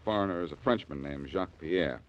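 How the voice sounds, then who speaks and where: An actor playing a cocky, wisecracking detective in a 1940s radio drama, trading quick sarcastic quips. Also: male voice, low-pitched, lightly acted. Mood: wry. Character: wisecracking reformed-thief detective, cool and cocky. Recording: dull old radio broadcast.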